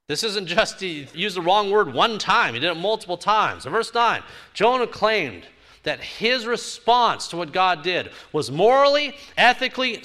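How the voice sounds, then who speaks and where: Bright, animated male preacher. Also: a little high. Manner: emphatic, builds with repeated rhetorical phrases. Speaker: pastor. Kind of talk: sermon.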